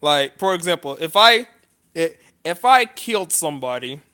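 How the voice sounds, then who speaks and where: Halting, earnest man with a bright voice. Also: fairly high pitch, lively intonation, clear, resonant tone. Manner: halting, pausing often with restarts; earnest, apologetic. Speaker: vlogger. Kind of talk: unscripted list vlog.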